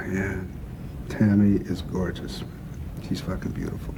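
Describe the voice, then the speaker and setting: An actor playing an older crime boss with a gruff, gravelly, blunt and profane way of talking, in a film scene. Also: male voice, low voice, little pitch movement, takes it slowly, noisy background. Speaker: crime boss planning a heist. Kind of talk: film dialogue.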